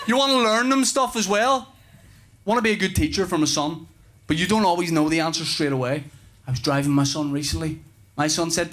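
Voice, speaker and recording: A man in his thirties with a Northern Irish accent, doing a rambling, animated stand-up routine with swearing. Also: a little high, brisk. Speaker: stand-up comedian. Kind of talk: stand-up comedy. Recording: live show with audience noise. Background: audience laughter.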